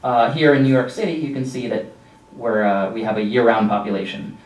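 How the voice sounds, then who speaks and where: A man giving a casual slideshow lecture about nature, relaxed and rambling with frequent ums and asides. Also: mid-range voice, brisk. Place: lecture room with an audience. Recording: echoey room from a distance.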